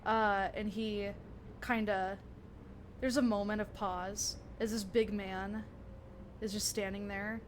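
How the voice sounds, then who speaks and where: A woman's voice: medium pitch, steady tone, slow pace, a little hiss or hum. A woman game master narrating a tabletop role-playing scene, rambling and laughing often.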